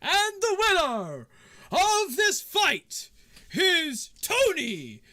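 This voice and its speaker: A man voicing a tournament announcer, shouting the winner's name in long drawn-out words. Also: very high voice, wildly swooping pitch, no echo, clean studio sound, pitched above the performer's own voice, exaggerated voice. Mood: hyped. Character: booming male tournament announcer.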